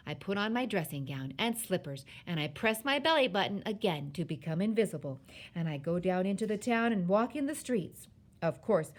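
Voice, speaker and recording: A woman reading aloud, voicing an excited, boastful young boy who tells his dream in broken grammar. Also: on the low side.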